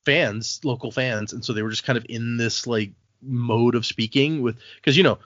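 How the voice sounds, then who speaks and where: A man's voice: mid-range voice, normal speed, fairly bright tone, no room sound. A man hosting a podcast, rambling through anecdotes with many restarts. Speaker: podcast host and editor. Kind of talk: casual chat. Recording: dry, dull lo-fi sound.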